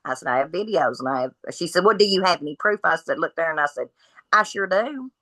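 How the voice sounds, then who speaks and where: A woman's voice: fairly low pitch, quick pace, no room sound, poor audio. A woman, a podcast guest telling her story from home, bluntly acting out what each person said. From Kentucky. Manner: blunt, animated retelling of dialogue.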